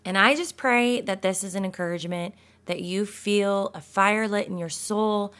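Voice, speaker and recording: A woman hosting a devotional podcast, speaking encouragement to mothers and reading scripture aloud with warm enthusiasm and the odd laugh or sigh. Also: medium pitch, normal speed. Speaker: podcast host.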